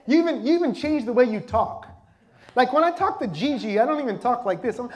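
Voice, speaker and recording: A man with a notably high-pitched voice delivers a sermon with lively, conversational energy. He jokes and laughs with the congregation and keeps pulling them in with questions. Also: moderate pace. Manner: lively conversational preaching with constant audience questions. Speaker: pastor.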